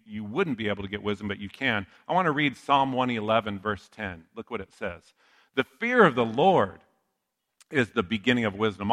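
Bright-voiced male pastor preaching. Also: mid-range voice. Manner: conversational, animated storytelling with asides to the listener. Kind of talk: sermon.

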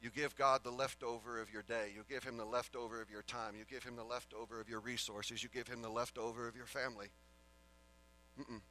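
Emphatic preaching man, bright voice. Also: mid-range voice, level tone, brisk, a little hiss or hum, rough recording. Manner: swings between loud emphatic preaching and quiet earnest asides. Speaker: pastor. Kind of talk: sermon.

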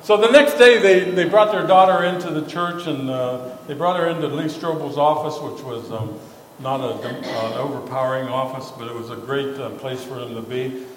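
Man preaching in an echoey hall. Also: medium pitch. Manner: halting, repeats words, many fillers. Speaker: pastor. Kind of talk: conversational sermon storytelling. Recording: echoey hall with faint ambience.

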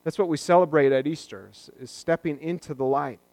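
A pastor delivers his sermon in a fairly high, casual, conversational voice and drops in playful jokes along the way. He is a man, recorded dry and close with no room sound. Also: brisk, darkish tone, no echo. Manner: conversational, joking asides.

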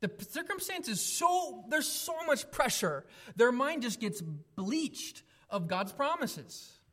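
High-voiced emphatic male preacher. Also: sing-song, slow pace. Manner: emphatic, shifts between raised exclamations and quiet reflective asides. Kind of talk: sermon.

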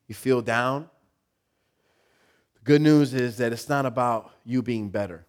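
Male pastor, sermon delivery, animated and expressive, acts out inner voices, mid-range pitch. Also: measured pace, pauses often. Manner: repeats words and restarts, laughs with the congregation.

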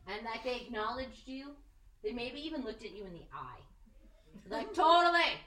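A woman giving a casual, animated sermon, joking and acting out the people she quotes. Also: on the high side, moderate pace. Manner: animated, jokey, acts out quoted voices. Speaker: preacher. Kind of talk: conversational sermon. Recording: echoey room, mic at a distance.

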